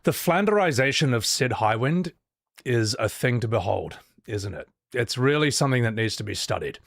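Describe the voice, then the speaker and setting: A man's voice: medium pitch, animated, moderate pace, creaky, no echo. A man doing live-stream reaction commentary, opinionated and rambling, with stammered restarts.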